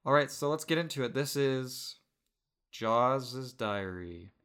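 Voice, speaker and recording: A male podcast host talking casually with his co-host. He is dry and a bit hesitant, trailing off with small fillers as he sets up the reading. His voice sits in a middle pitch. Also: slow, clean tone. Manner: relaxed, wry, hesitant with fillers.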